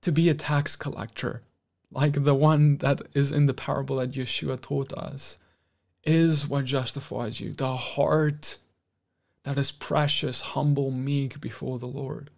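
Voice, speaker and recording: A man with a South African accent preaching a sermon as pastor, earnest and building to loud, emphatic exhortation. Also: mid-range voice, steady tone, unhurried, creaky.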